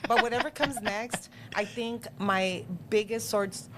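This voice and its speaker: A middle-aged woman, a politician and podcast guest, telling stories in a lively, casual way and putting on voices for the people she quotes. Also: a little high, measured pace, slight background noise. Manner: animated, acts out quoted voices. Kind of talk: casual storytelling.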